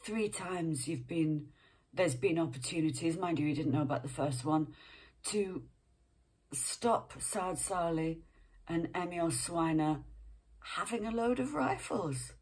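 A woman's voice: deep voice, animated, unhurried, a little mellow, husky. A woman reading a book aloud page by page, breaking off for chatty asides and sometimes dropping to a whisper. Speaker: reader.

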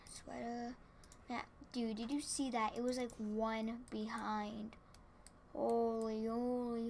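Excitable woman gamer, gravelly edge. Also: fairly high pitch, moderate pace, a little hiss or hum. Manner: excitable, rambling, exclaims and repeats words. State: tired. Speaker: gaming channel host. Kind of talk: casual gameplay commentary. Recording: keyboard clicks and typing behind.

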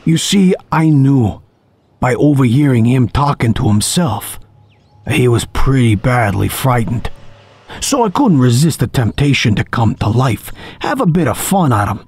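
A man's voice: medium pitch, animated, a little slow, darkish tone, breathy edge, dry recording. A man voicing a mad, genial middle-aged male doctor who drifts between cheer and menace, in an audiobook. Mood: rambling. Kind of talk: audiobook character voice. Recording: faint music underneath.

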